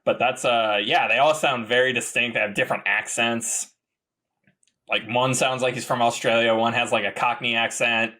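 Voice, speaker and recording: A man co-hosting a podcast in casual chat, rambling and rising into excited outbursts. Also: mid-range voice, moderate pace. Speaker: podcast co-host.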